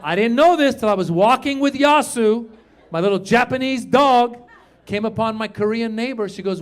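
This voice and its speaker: A middle-aged man from Iran doing stand-up comedy on stage, animated and shouting his punchlines while acting out the people in his stories. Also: very high voice, normal speed. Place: comedy stage before a live audience.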